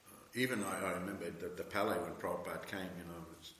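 A man giving a scripture lecture, halting with many fillers and restarts, then pressing his points emphatically. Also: sits low, steady tone, a bit bright, slight background noise. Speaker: spiritual teacher giving a scripture class. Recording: echoey hall with long reverb.

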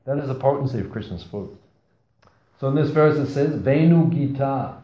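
At a moderate pace, a man with an expressive mid-range voice and dark tone teaches a scripture class to a small audience. He tells stories, poses questions to them, and makes playful asides, in a roomy, slightly dull recording.

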